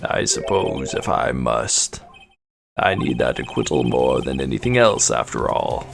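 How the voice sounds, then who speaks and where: A man voicing a calm, formal adult male assassin with a gravelly voice, in a fan dub of a game. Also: extremely low pitch, unhurried, faint music behind, voice pushed down, heavily acted. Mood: cold. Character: cold, polite adult male assassin on a radio.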